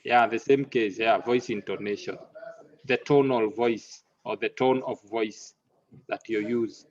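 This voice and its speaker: A man's voice: on the low side, steady tone. Man teaching an online class. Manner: halting, repeats words, mixes in Swahili. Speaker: lecturer. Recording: muffled lo-fi audio.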